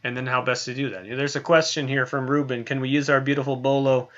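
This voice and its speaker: Bright-voiced man teaching casually. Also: medium pitch, fairly even intonation, fast, highs cut off. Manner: conversational, many tag questions and fillers. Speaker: Bible teacher. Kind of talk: recorded online lesson.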